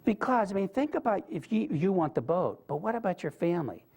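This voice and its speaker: A man's voice: sits high, very animated, brisk, vocal fry, darkish tone, breathy edge. Earnest male speaker, conversational lecture storytelling, talks straight to the room. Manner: earnest, conversational, asks the audience questions. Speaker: guest speaker. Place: lecture room with a live audience.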